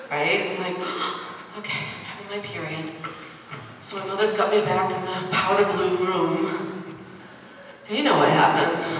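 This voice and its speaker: A middle-aged woman tells stand-up stories in an animated way, acting out each scene. She sounds far from the mic in a big echoing hall. Steady noise sits behind her voice. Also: medium pitch. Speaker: stand-up comedian. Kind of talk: stand-up comedy storytelling. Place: comedy club stage. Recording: echoey hall from far off, noisy.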